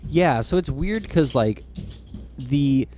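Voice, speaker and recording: Rambling mellow-voiced podcast guy. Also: medium pitch, expressive, slow pace, soft background music. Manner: rambling, heavy use of "like", laughs often. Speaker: podcast co-host. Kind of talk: casual chat.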